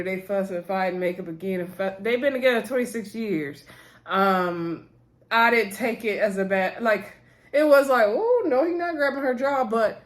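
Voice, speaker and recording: A woman's voice: mid-range voice, a bit bright. A woman recapping a reality TV episode in a casual, opinionated chat, talking straight to her viewers in slangy speech.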